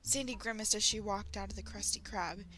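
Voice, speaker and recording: A woman from Texas reading fan fiction aloud as a channel host, in an animated way and often breaking off to react. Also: medium pitch, a little fast, poor audio. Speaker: story reader, channel host.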